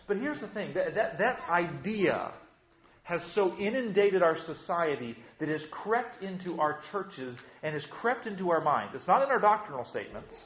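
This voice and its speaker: A man's voice: sits high, sing-song, moderate pace, echoey room, highs cut off. A man preaching a sermon with emphatic delivery, often repeating words as he restarts. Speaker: pastor.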